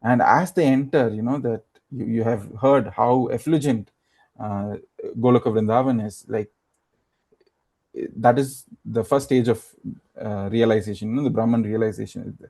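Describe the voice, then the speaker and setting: A man's voice: mid-range voice, steady tone, moderate pace, darkish tone. A man giving a sermon, retelling a scripture story with many fillers and acting out the quoted lines. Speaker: preacher.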